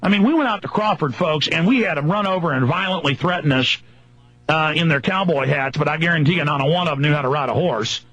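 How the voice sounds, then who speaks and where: Husky-voiced man ranting furiously on radio. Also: a little high, quick pace, fairly bright tone, no room sound. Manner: furious, mocking, emphatic lists. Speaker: radio talk show host. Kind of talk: angry political radio rant. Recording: dull lo-fi radio broadcast.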